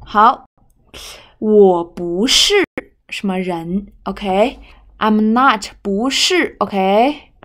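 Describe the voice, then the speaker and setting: A woman's voice: medium pitch, drawn-out words, fairly bright tone. A woman teaching Mandarin, explaining grammar and tones patiently and checking "okay?" after each point. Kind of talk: language lesson explaining grammar.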